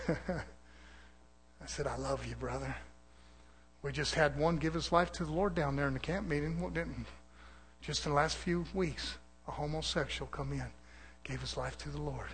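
A man preaching a fiery sermon to a church, alternating forceful loud passages with quieter asides. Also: a little hiss or hum. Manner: forceful preaching, swinging between loud peaks and low asides. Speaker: pastor.

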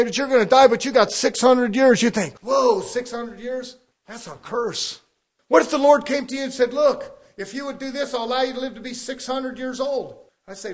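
A man preaching a sermon to a congregation, in a conversational style full of rhetorical questions and acted-out quotes. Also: sits high.

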